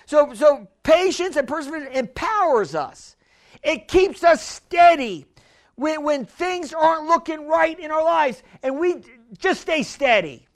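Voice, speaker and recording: A woman preaching a sermon, emphatic, repeating key phrases and stumbling into restarts, slowing right down to stress a point. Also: high voice, lively intonation. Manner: slows down hard to stress lines.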